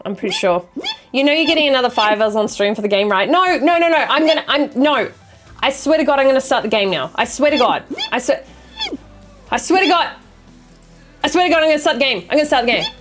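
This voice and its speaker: A young adult woman streamer chatting casually with her viewers, swearing freely and apologizing quickly. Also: sits high, lively intonation, soft background music. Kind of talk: casual chat reading viewer messages.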